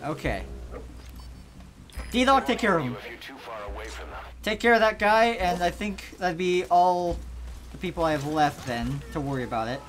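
A let's play gamer giving excitable commentary, swearing and yelling at the game. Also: medium pitch, a little slow, pauses often. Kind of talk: gameplay commentary.

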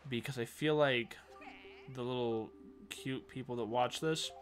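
A man's voice: mid-range voice, measured pace, fairly bright tone. A man co-hosting a let's play, complaining and teasing his partner in casual banter.

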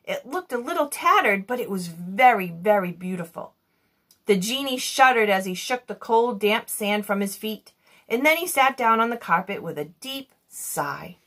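A woman reading a children's chapter book aloud in an expressive storytelling manner. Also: medium pitch, moderate pace. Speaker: reader.

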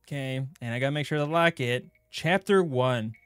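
A young man streaming a game playthrough, joking crudely and bursting into excited yelps. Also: medium pitch, moderate pace, smooth. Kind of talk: gaming playthrough commentary.

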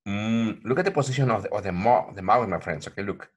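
A man teaching pronunciation in an online lesson, repeating words slowly and calling viewers "my friends". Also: on the low side, slightly rough. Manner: repetitive, addresses viewers as my friends, frequent okay.

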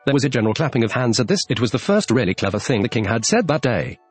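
A man's voice: mid-range voice, sing-song, fast talker, husky, no echo. A man narrating a classic storybook, reading expressively and giving the characters their lines. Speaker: audiobook narrator. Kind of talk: scripted narration. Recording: dry close mic, faint music behind.

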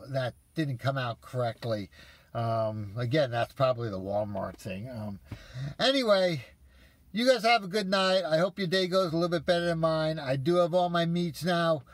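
A vlogger with a fairly high-pitched voice tells viewers an exasperated story in a casual, profane rant, speaking unhurriedly. The recording is dry.

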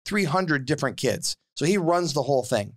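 A man in his forties co-hosting a podcast, telling a story in casual chat, repeating words and getting more excited as he goes. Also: moderate pace. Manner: animated, repeats words and restarts, rises in pitch when worked up. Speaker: podcast co-host and youth basketball assistant coach.

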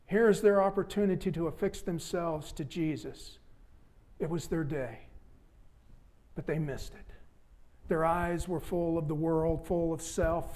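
Man preaching sunday sermon in church, kinda high voice, repeats lines then goes quiet and low. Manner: repetitive emphatic appeals, dropping low and soft at ends. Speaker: pastor. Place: church sanctuary.

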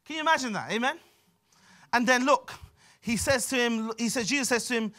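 A man preaching a sermon with a London accent, emphatic and repetitive, often dropping to quieter asides. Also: very high-pitched, a little fast. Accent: London English. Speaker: pastor.

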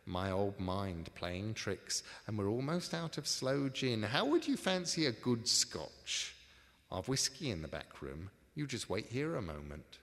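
A man's voice: lowish voice, animated, normal speed, fairly bright tone. A man reading aloud, voicing a sour, greedy old male shopkeeper who grumbles and wheedles. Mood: wheedling. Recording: live reading in a reverberant hall.

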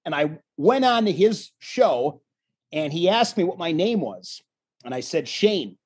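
A man who commentates on wrestling, spinning stories as a guest on an interview show. He acts out the people in his stories with a lively delivery. His voice has a husky, slightly rough edge. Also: a little high, measured pace. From Wisconsin. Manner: animated storyteller, acts out quotes. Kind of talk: casual storytelling interview.

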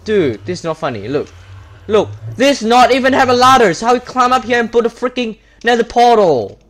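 A Minecraft YouTuber gives gameplay commentary while upset, complaining, repeating himself and tripping over his words. His voice is extremely high and sing-song, fairly quick and fairly bright, captured on a desktop setup with a webcam.

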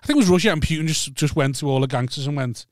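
A man's voice: a little high, expressive, racing, no echo, studio quality. A man co-hosting a casual podcast chat, bantering and swearing.

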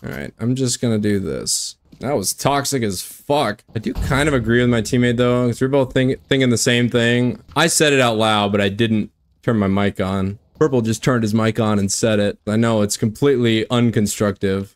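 A young man streaming a shooter game, commenting on his own play in an excitable, foul-mouthed way. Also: mid-range voice, normal speed. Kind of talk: live gameplay commentary.

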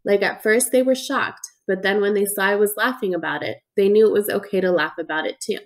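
A woman's voice: mid-range voice, a little fast. A woman narrating an audiobook in the first person, with a youthful, earnest, conversational manner. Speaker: audiobook reader.

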